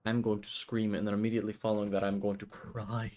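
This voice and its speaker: A man's voice: lowish voice, flat delivery, fast, a little mellow. A man streaming a game, talking to himself in a grumbling, frustrated way. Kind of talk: casual gameplay commentary.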